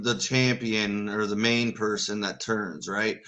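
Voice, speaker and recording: A man's voice: on the low side, steady tone, slow pace, fairly bright tone. A man co-hosting a live wrestling watch-party stream, chatting enthusiastically with rambling restarts. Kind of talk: casual live-stream chat.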